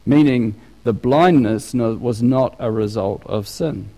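A man delivers a sermon with lively, conversational energy, stopping and restarting his phrases as he works through his point. His voice sits at an ordinary middle pitch and carries a long reverb, as if preaching in a large church hall. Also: unhurried. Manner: animated, conversational, with frequent restarts.

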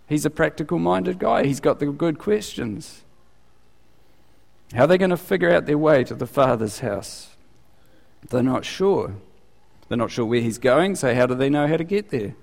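Pastor preaching in an echoing hall. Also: male voice, normal speed, vocal fry, long pauses. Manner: conversational, animated, rising in pitch for quoted questions. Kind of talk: sermon. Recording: long reverb of a large hall.

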